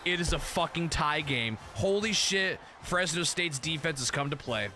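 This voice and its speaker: A young man streaming a football video game, commentating the plays in a casual, excitable and profane way, often breaking into shouts. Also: on the high side, moderate pace, music in the background.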